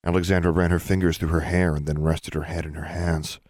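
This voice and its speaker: A man calmly narrating an audiobook. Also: low voice, brisk, hardly any pauses, dry recording, studio quality. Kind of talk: scripted narration.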